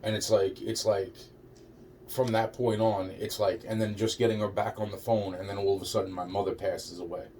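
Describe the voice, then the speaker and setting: A fairly low-voiced man rambles in an agitated monologue, looping back over the same words and swearing constantly. He sits some way back from the microphone, and a faint hiss of background noise runs under his voice. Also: a little mellow, recorded from a distance. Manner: agitated, repetitive, heavy swearing, trailing restarts. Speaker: vlogger.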